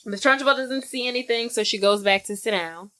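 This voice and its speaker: A woman co-hosting a podcast, casually retelling a film's plot in slang-filled, animated chat. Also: on the high side, fairly quick. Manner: animated storytelling with acted-out quotes. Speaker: podcast co-host. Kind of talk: casual movie recap chat.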